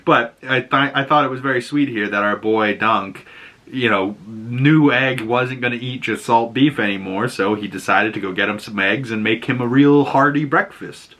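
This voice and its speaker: A young man hosting a casual, animated recap of a TV episode, laughing often and acting out the characters' lines. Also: mid-range voice. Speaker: show host recapping a TV episode.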